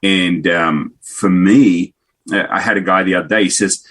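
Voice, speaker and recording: A man's voice: low-pitched, normal speed, breathy edge. A man in his fifties with an Australian accent, a business owner telling stories and jokes in a casual interview. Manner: jokey, animated storyteller. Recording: remote call.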